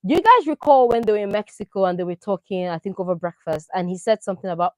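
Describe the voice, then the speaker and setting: A woman doing casual, opinionated commentary on a reality show, animated and full of rhetorical questions. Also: mid-range voice, fast talker, few pauses, no room sound, low-quality recording. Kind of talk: casual chat.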